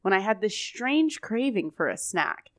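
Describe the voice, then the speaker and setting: A woman's voice: medium pitch, very animated, unhurried. Woman voicing a nervous young boy, earnest, close to her own voice. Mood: worried. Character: anxious seventh-grade boy.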